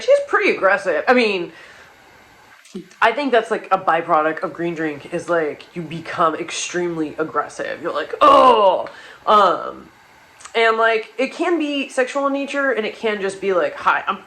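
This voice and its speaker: A young woman spins a chaotic personal anecdote for laughs, swearing freely and doubling back on herself constantly. Her pitch sits in an ordinary middle range, and the telling is loose and conversational. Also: sing-song, unhurried, a bit bright, poor audio. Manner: rambling, profane, many restarts and asides. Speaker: storyteller. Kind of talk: casual comedic storytelling.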